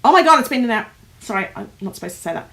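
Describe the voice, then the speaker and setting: An Australian woman hosting a casual livestream, chatting and reading out comments, animated, with frequent laughs and fillers. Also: a little high, very fast. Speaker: host of a planner livestream. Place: home office.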